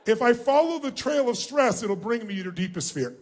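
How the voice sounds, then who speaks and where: A man with a very high voice speaking from a stage in a large arena, driving a huge crowd through an exercise. He is energetic and commanding and often shouts questions for the audience to call back. His tone is forceful and his delivery is lively. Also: brisk. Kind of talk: live seminar talk to a huge crowd.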